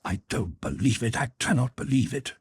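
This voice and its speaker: A man voicing a distraught, devoted woman who pleads for her friend, his voice climbing high in distress. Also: animated, moderate pace, husky. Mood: pleading.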